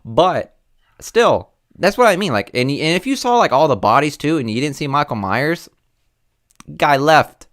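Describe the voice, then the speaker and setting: A man's voice: a little high, big pitch swings, moderate pace, a bit bright. A man co-hosting a casual movie podcast, blunt and emphatic, swearing freely. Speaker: podcast co-host.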